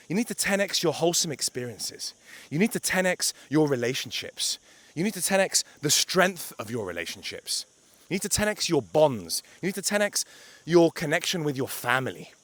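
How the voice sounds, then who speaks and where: A man's voice: medium pitch, very animated, brisk, fairly bright tone, no echo. A young man talking to camera outdoors by a beach, a blunt, emphatic life coach who swears for emphasis.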